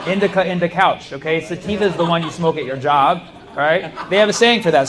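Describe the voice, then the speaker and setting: A man's voice: fairly high pitch, fast, crowd noise. A man performing a stand-up comedy set, telling stories animatedly and laughing often. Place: comedy club stage.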